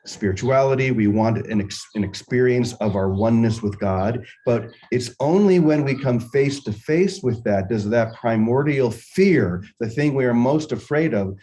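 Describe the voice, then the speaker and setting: An older man hosting a morning spiritual session, musing unhurriedly and telling a personal story with gentle humor. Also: medium pitch, low-quality recording. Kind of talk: reflective spiritual talk with storytelling.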